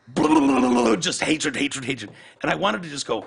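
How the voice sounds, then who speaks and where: A man's voice: fairly high pitch, expressive, normal speed, vocal fry, few pauses, breathy edge. A man hosting a podcast in casual chat, ranting heatedly and profanely and acting out other people's words. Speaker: podcast host.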